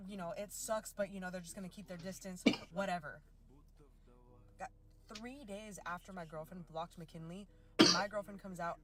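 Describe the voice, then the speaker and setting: A woman telling a personal story in a casual, chatty way, full of "like" fillers. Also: lowish voice.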